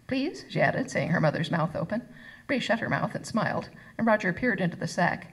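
A woman author reading her novel aloud at a live event, expressive and voicing each character. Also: fairly low pitch, a little fast, breathy edge, low-quality recording. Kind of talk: live first-person book reading. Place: arts center reading event.

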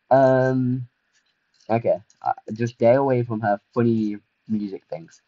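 A young man, chatting casually and excitably through a livestreamed game, self-mocking and full of fillers. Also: mid-range voice, measured pace, no room sound, lo-fi sound. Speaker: streamer. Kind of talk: casual livestream gameplay commentary.

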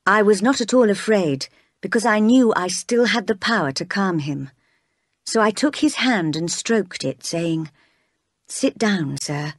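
Calm woman reading a story aloud. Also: medium pitch, no room sound, studio quality. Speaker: narrator. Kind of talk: reading aloud a graded reader.

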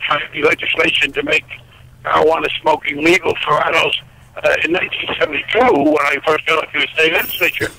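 A man's voice: a little high, vocal fry, bright, forceful tone, rough recording. A man in his seventies, a congressman being interviewed over the phone, blunt and wry, with emphatic restarts. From United States.

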